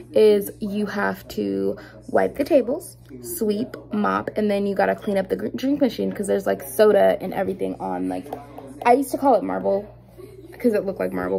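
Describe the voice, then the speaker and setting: A young adult woman vlogger telling a story in a casual, animated and indignant way while doing her makeup at home, with lots of fillers. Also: mid-range voice, creaky, poor audio.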